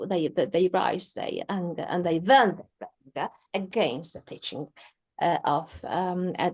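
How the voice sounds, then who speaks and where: A woman's voice: lowish voice, darkish tone. Careful woman speaking English. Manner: careful, searching for words, non-native phrasing. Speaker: guest lecturer. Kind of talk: answering audience questions. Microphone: video call.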